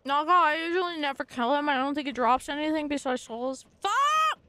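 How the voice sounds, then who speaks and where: A woman streaming a video game live, giving casual commentary in an excitable way, swearing often and erupting in frustrated outbursts. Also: high-pitched, fast talker, a little hiss or hum.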